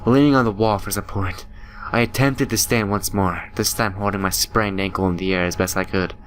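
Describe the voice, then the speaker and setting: A man's voice: on the low side, fairly even intonation, a little fast, a little hiss or hum. A young man playing a horror game, reading its story aloud dramatically with joking asides. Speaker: gaming YouTuber. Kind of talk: reading a visual novel aloud with commentary.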